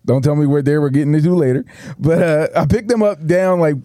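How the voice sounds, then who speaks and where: High-voiced, mellow podcast host. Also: male voice, fast talker, no room sound. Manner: crude, laughing, animated storyteller. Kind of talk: casual sports podcast banter, storytelling.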